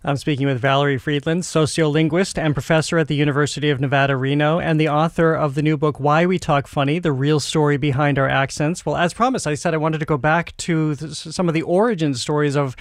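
A man hosting an interview, introducing his guest and asking halting questions. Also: a little high, no room sound, studio quality. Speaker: radio interview host.

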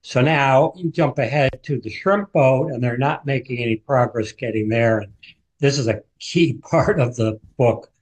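A man speaking as an author on a radio interview. He retells events in a vivid, storytelling way at a middle pitch. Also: normal speed, slightly rough.

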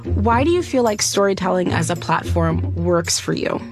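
Soft-spoken woman interviewer over music. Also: fairly low pitch, lively intonation, moderate pace. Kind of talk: interview questions.

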